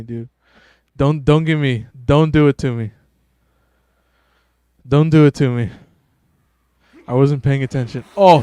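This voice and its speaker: A man's voice: mid-range voice, mellow, clean tone, dry recording. A man giving casual, profane, self-amused commentary while playing a video game. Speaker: gaming streamer.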